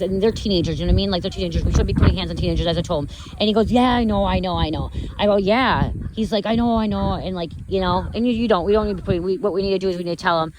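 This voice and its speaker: A woman's voice: on the low side, a little hiss or hum, poor audio. Woman rambling while out on a walk. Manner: rambling, repetitive, stops to say okay and you guys. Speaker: vlogger. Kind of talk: casual vlog story. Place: outdoors walking on a neighborhood street.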